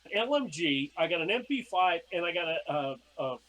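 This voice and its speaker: A man's voice: a little high, big pitch swings, fairly quick, pushed and bright, poor audio. A middle-aged man, a podcast guest, telling casual stories and acting out his own past lines. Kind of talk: casual storytelling.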